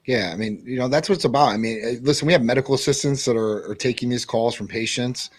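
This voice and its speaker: A man speaks quickly for a company in a casual chat. His voice sits at a medium pitch, and he fills his explanations with many fillers. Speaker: company representative.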